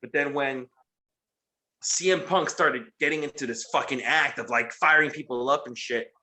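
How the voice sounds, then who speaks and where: A young man in a casual post-show chat, recapping a wrestling show in a profane, animated way. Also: mid-range voice, normal speed. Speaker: podcast co-host.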